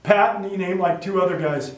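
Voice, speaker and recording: A man's voice: high voice, a little fast, recorded from a distance. A man, a professional wrestler, telling backstage stories in an interview and acting out what others said. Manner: animated storyteller who acts out others' lines. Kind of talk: storytelling interview. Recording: echoey room, voice from off-mic.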